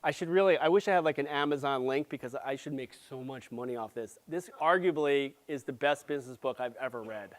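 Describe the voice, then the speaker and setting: A man giving a live conference presentation, playful and jokey, with quick asides to the audience. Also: mid-range voice. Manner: grows loud and excited as he goes. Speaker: conference speaker.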